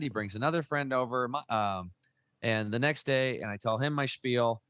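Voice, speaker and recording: A man in his forties, a guest on a talk show, telling his story in a folksy, excitable way with mild swearing. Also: mid-range voice, moderate pace, clear, resonant tone, no echo. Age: 40s. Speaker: podcast guest. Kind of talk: casual interview storytelling.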